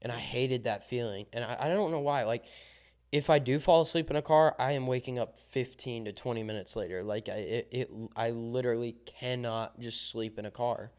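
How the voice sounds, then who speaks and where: Young male podcast co-host, smooth clear voice, animated storyteller who acts out the dialogue. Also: mid-range voice, moderate pace. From Southern Illinois. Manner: animated storyteller, acts out quoted dialogue, many ums and likes. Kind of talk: casual chat.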